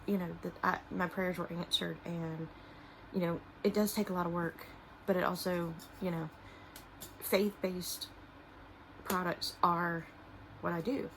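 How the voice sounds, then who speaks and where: A middle-aged woman talks casually to the camera about her handmade products, often pausing and trailing off with fillers. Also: on the low side, flat delivery, slight background noise, low-quality recording. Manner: halting, many fillers and trailing restarts; soft-spoken and emotional at times. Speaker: small business owner and artist. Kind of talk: casual vlog talking to camera while showing products.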